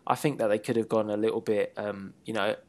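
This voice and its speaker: A man's voice: fairly low pitch, fairly even intonation, a little fast. A man hosting a wrestling talk show in casual chat, playful and teasing, often laughing and trailing off mid-sentence.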